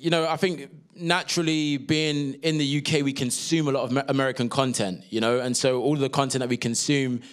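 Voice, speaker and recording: A young man with a London accent, a guest actor chatting through stories in an interview, relaxed and full of slang and fillers. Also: mid-range voice, brisk, few pauses, clean tone. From England. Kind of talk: casual interview chat.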